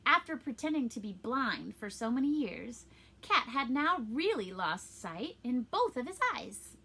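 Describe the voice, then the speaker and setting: A woman's voice: on the high side, sing-song, unhurried, sharp tone, breathy edge. A young woman reading a storybook aloud to children, adding chatty explanations for young listeners.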